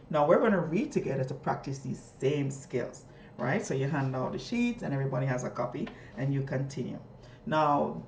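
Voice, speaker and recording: A woman teacher explaining a reading lesson, often jumping high in pitch as she models questions to students. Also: darkish tone, a little hiss or hum. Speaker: teacher trainer. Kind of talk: instructional talk modeling a classroom lesson. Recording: echoey room.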